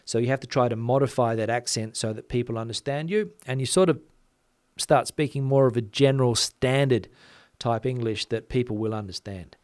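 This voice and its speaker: A man from Western Australia with a softened Australian accent, hosting a casual chat, reading out viewer comments and talking quickly with lots of fillers. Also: mid-range voice, no room sound, studio quality. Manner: chatty, many fillers, talks fast. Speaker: channel host.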